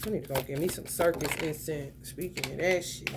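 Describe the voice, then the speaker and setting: This young tarot reader gives a casual reading that's blunt, profane, and packed with slang, lurching between loud outbursts and low mutters. She talks a little fast, and the recording is very noisy.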